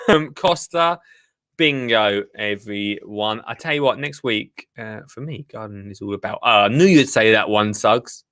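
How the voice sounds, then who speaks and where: A man's voice: on the low side, measured pace, fairly bright tone. A man hosting a live gardening show, chatting casually and rambling to his viewers. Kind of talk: casual live-stream chat.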